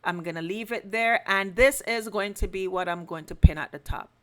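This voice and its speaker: Woman hosting her own podcast, talking straight to the camera, earnest and gets emphatic, mid-pitch voice. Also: normal speed. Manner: earnest, building to emphatic pleas. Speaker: podcast host. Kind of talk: direct-to-camera commentary.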